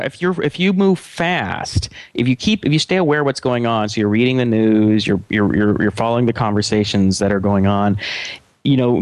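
A man co-hosting a casual tech podcast, talking haltingly with many restarts and rambling asides. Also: medium pitch, no room sound. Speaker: podcast co-host.

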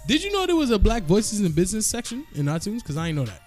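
Male podcast co-host from Guyana, animated and joking, somewhat high voice over faint music. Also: fast talker. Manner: joking, laughs often, slangy. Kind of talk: casual banter.

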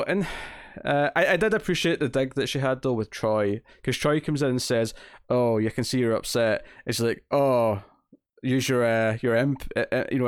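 Male podcast co-host, mid-pitched, rambly, dry close sound. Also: no room sound. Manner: rambling, lots of fillers and restarts. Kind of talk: casual chat.

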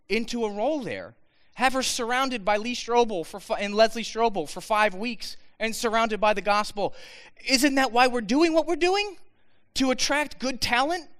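A man giving an earnest, animated talk to students, with frequent restarts. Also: very high-pitched. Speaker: speaker addressing students.

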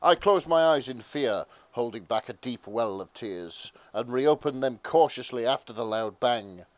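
A man narrating a comic fan fiction reading as host, mostly deadpan with bursts of laughter. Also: mid-range voice, a little slow, dry recording.

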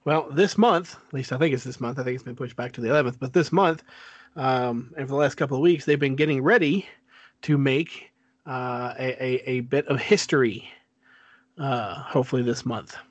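A male podcast co-host at a middle pitch tells stories in a halting, stop-and-start way. He leans on filler words and restarts his sentences. The recording is dry and close. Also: no echo, highs cut off. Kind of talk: casual chat.

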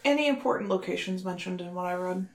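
A woman's voice: lowish voice, expressive, fast talker. Joking woman in an echoey room. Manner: joking, swears casually. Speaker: player and podcast host. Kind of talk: casual tabletop game chat. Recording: echoey room, faint noise.

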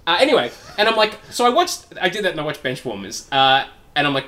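A man with a slightly high, very animated voice tells a long rambling story on a casual comedy podcast. He laughs often and swears freely. His pitch jumps around as he goes. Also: fast, few pauses. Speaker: podcast co-host.

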